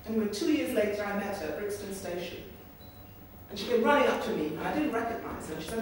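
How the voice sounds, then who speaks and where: A woman's voice: mid-range voice, fast. Woman telling stories in an echoey hall. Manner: lively storyteller who acts out voices. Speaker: campaign speaker. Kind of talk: storytelling speech. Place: large meeting room in Parliament. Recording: echoey hall from far off, faint hiss.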